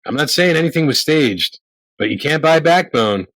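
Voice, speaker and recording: Man, podcast co-host, casual film chat, slightly high voice, dry close sound. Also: normal speed, no room sound, rough recording. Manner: quotes movie lines in a flat reading voice, many yeahs.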